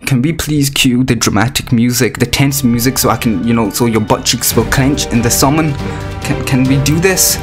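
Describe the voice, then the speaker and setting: A man doing gacha summon commentary for a video, excitable, swinging from mock gloom to shrieks, his voice cracking. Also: mid-range voice, normal speed, music in the background. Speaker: gaming YouTuber.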